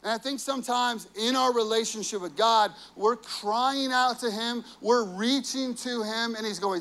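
A man's voice: extremely high pitch, moderate pace, hardly any pauses, a bit bright. A man preaching a sermon, earnest and personal, telling family stories with frequent "you know"s. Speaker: pastor.

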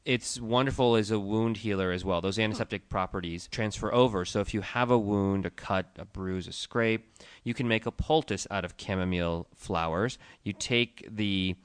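A man with a low, smooth, resonant voice co-hosts a relaxed tea podcast. He explains and lists facts in a steady, informative way. The sound is dry and close. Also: moderate pace, no room sound. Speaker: podcast co-host, tea shop owner. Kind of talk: casual informational chat.

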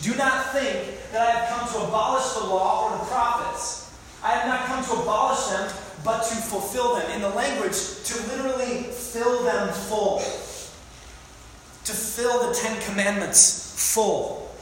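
A man's voice: high-pitched, fairly even intonation, measured pace, a bit bright. A man preaching a sermon, emphatic, repeating phrases and asking the congregation questions. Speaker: pastor. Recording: very echoey hall, faint room noise.

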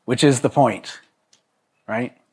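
A man's voice: medium pitch, slow pace, a little mellow, husky. A man preaching to a congregation in a loose, conversational way, with joking asides and frequent restarts. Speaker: pastor. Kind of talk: conversational sermon.

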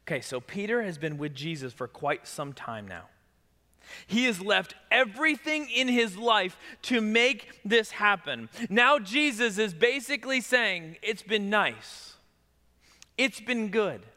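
Pastor, male, high bright voice, dramatic loud-to-soft preaching, long church-hall reverb. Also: animated, unhurried. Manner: dramatic, swings between loud emphasis and hushed delivery. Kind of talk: sermon.

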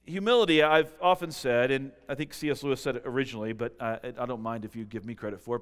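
A pastor delivering a sermon, swinging between loud, emphatic preaching and quiet, close asides. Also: male voice, mid-range voice, fast, hardly any pauses, clear, resonant tone, in a large hall.

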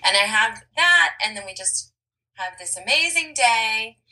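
A woman's voice: a little high, lively intonation, unhurried, sharp tone, poor audio. A woman guesting on a podcast as a travel blogger, cheerful and chatty, laughing often. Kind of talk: casual interview chat.

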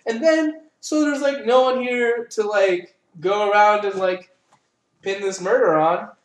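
A young adult speaker telling a meandering, expletive-heavy story in a casual chat, every sentence propped up with "like". The voice sits at a middling pitch. The recording carries a roomy echo. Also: unhurried. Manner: rambling storytelling, heavy swearing and "like".

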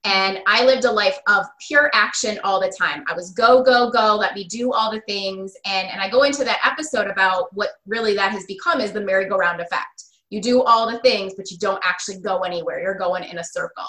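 A woman hosting a podcast, chatting in a reflective, animated way and laughing lightly as she asks questions. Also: mid-range voice, brisk, few pauses, echoey room, rough recording. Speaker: podcast host. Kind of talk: casual interview chat.

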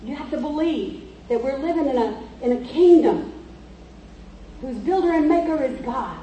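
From a distance in an echoey church with faint background noise, a woman preacher delivers an emphatic, story-driven sermon. Her high voice has a dark tone, lively intonation, and a moderate pace.

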